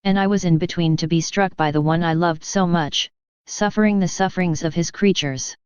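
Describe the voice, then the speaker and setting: A woman's voice: lowish voice, normal speed, a little mellow, clear, resonant tone, no echo, natural voice. A woman reading the words of a sorrowful divine man who pleads for love, in a solemn, earnest way. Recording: dull, slightly lo-fi dry recording.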